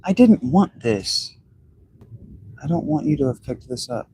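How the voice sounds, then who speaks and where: A man's voice: a little high, expressive, measured pace, dark tone, a little hiss or hum, poor audio. A man giving blunt, rambling commentary while he plays a video game. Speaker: gaming streamer. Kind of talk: casual commentary while playing.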